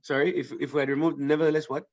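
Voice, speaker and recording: A man's voice: a little high, flat delivery, rapid-fire, darkish tone. Man teaching grammar, lo-fi audio. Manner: thinks aloud with many fillers and restarts, checks in with "right?". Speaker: writing teacher. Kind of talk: online grammar lesson.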